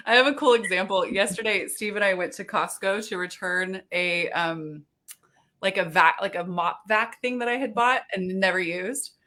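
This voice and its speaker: A woman on a video call telling a funny everyday story in casual chat, animated and quick to laugh. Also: medium pitch. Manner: animated, laughing, acts out quoted voices.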